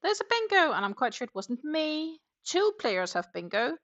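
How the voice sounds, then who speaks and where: A woman's voice: high-pitched, big pitch swings, moderate pace, fairly bright tone, muffled recording. A Danish woman with a mixed Danish, Dutch and English accent, chatting casually on a crochet livestream from home and reading viewer comments aloud, with many fillers. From Denmark. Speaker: crochet live streamer.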